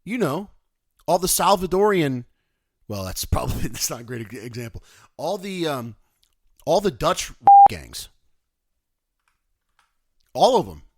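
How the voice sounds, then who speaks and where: A man in his thirties hosting a podcast, ranting sarcastically in a casual monologue and swinging from low mutters to shouting, on a close studio mic. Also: big pitch swings, a little slow, pauses often, dry recording. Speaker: podcast host.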